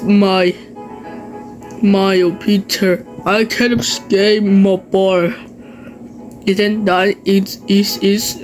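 A woman streaming a game, talking in halting bits that trail off and breaking into loud squeals and curses. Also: medium pitch, rough recording. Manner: loud sudden squeals and swearing. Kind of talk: excited gameplay commentary.

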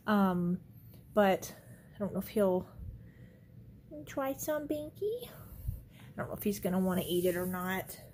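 A woman's voice: mid-range voice, slight background noise. A woman chatting casually in a home vlog, cooing tenderly at her cat and talking to the camera. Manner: coos and baby-talks to the cat, soft and tender. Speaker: pet vlogger. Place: room at home. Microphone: handheld camera.

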